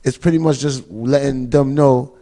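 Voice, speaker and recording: A man's voice: mid-range voice, moderate pace, mellow. A man guest on a hip hop podcast, talking in street slang and telling stories with lots of "word" and "yo". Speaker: rapper guest. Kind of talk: casual interview chat.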